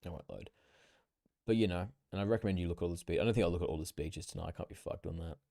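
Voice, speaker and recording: A man's voice: sits low, rapid-fire, vocal fry, warm tone, no room sound, clean studio sound. A young Australian man hosting a casual livestream, rambling with swearing, fillers and self-corrections. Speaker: livestream host. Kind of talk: casual solo livestream commentary.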